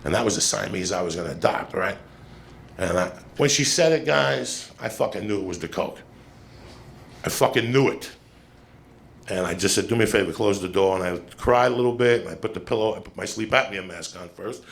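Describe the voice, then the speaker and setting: On the low side now, the comedian's gravelly voice moves fairly quickly as he tells a long tale onstage, crude, blunt, and conversational. The played clip carries a steady layer of background noise.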